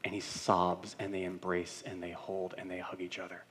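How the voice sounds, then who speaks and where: A middle-aged male pastor preaching a sermon with earnest, building repetition, swinging between loud and hushed passages. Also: deep voice, completely flat delivery, moderate pace, slight background noise. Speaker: senior pastor.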